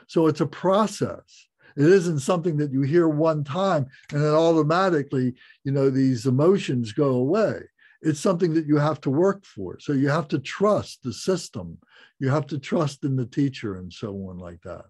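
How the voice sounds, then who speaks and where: A man giving a Buddhist class talk, explaining slowly and reflectively, repeating phrases and restarting. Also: on the high side, lively intonation, a little mellow, slightly rough. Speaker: Buddhist teacher.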